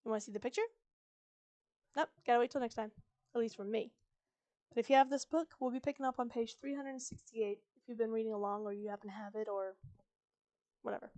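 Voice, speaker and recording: A woman's voice: on the high side, quick pace, long pauses, darkish tone. A woman reading a novel aloud on a live stream, chatting with viewers between passages and correcting herself as she goes.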